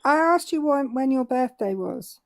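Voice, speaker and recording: A woman's voice: high-pitched, expressive, moderate pace, no echo. A British-accented English woman in her forties, co-hosting a live call-in debate and pressing a caller with pointed questions. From England. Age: 40s. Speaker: co-host.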